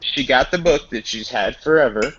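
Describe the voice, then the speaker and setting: A man's voice: medium pitch, normal speed, breathy edge. A man telling a story in a casual group voice chat, acting out quoted dialogue. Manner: animated, acts out quoted dialogue. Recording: dull lo-fi voice chat audio.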